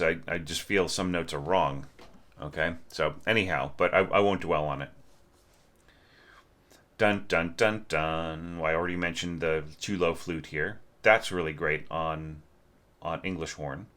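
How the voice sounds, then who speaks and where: Deep-voiced man critiquing a score. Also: bright, forceful tone. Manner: sings phrases to illustrate, thinks aloud with restarts. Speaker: orchestration teacher.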